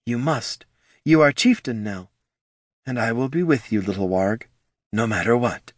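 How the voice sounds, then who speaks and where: A man voicing a calm, steady orc woman, the older sister, who speaks softly and measured. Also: mid-range voice, no echo, studio quality. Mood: earnest. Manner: soft and measured.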